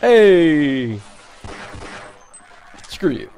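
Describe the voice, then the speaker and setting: A man's voice: on the high side, sing-song, very slow, darkish tone, a little hiss or hum. A man streaming a first-person shooter, joking and talking back to the characters on screen. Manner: jokey, talks to the game characters. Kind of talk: live gameplay commentary.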